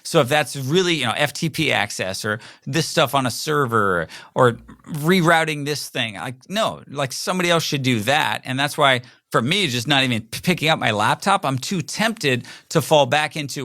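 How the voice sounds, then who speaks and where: Bright-voiced middle-aged man, rambling chat. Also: medium pitch, lively intonation, normal speed, no room sound, studio quality. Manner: rambling, conversational, acts out quoted voices. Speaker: podcast host. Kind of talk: casual solo monologue.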